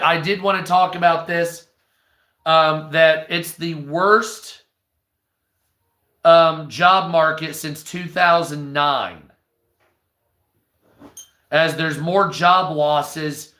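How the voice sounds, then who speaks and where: A man's voice: a little high, steady tone, slow pace, pushed and bright. A man hosting a casual livestream news commentary, blunt and opinionated, with frequent ums. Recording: roomy echo.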